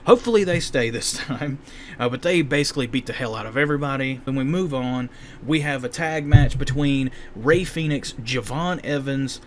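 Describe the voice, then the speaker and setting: A man's voice: medium pitch, normal speed, slight background noise. Man rambling through a candid wrestling review. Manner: rambling, candid, self-correcting. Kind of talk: casual review monologue.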